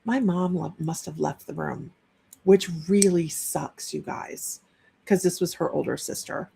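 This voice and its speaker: A woman's voice: lowish voice, measured pace, vocal fry, dark tone, slight background noise. A woman working as a psychic medium, giving a chatty live-streamed reading and relaying messages with frequent restarts.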